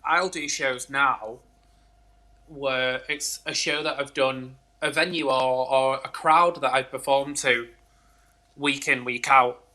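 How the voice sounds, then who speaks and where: A man appearing as a guest on a drag talk show, joining over a video call. His voice is bright and edged. He talks in an earnest, reflective way about performing. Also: medium pitch, fairly even intonation, slow, rough recording. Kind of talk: casual chat.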